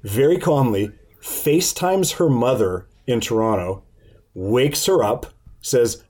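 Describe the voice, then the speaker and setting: Animated man telling a story. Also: medium pitch, slow. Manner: animated, swearing, laughing often. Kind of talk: casual storytelling chat.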